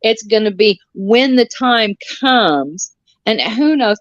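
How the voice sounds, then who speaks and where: A woman in her sixties co-hosts a live commentary stream, ranting bluntly with swearing and sarcasm in casual chat. Her voice is on the high side with lively intonation and a slow pace, lo-fi but free of echo.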